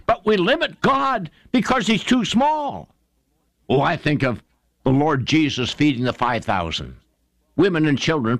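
A man preaching a sermon and retelling Bible stories with fervour, rising sharply in pitch to stress points and calling his listeners friends. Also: no room sound. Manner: fervent storytelling preacher, swings pitch up for emphasis.

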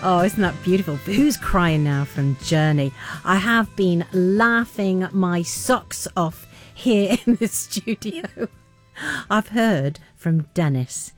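A woman's voice: fairly low pitch, a little mellow, no echo. Giggly radio presenter woman, dry studio. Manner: chatty, giggly, reads listener messages. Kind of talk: radio phone-in quiz chat. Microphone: studio microphone.

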